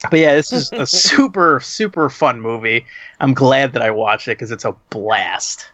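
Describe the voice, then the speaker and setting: A man's voice: medium pitch, expressive, moderate pace, fairly bright tone, no room sound. A man co-hosting a casual chat, laughing and swearing as he retells a movie's scenes. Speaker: podcast co-host.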